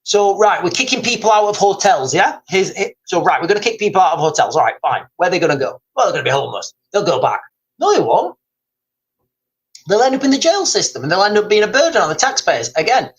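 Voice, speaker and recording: A man's voice: high-pitched, big pitch swings, fast talker, poor audio. A man hosting a casual livestream, rambling, repeating himself and reading out viewer comments. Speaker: livestream host. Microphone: streaming mic.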